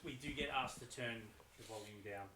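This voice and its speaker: A man from a band chatting casually, excitable and swearing. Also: mid-range voice, normal speed, echoey room, a little hiss or hum, low-quality recording. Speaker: band member guest. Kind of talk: casual chat.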